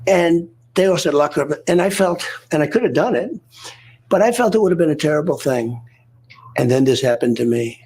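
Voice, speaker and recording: A man's voice: a little high, expressive, fairly quick, darkish tone, breathy edge. An older man answering in a TV interview clip, rambling and repeating himself. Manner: rambling, repetitive, digressive.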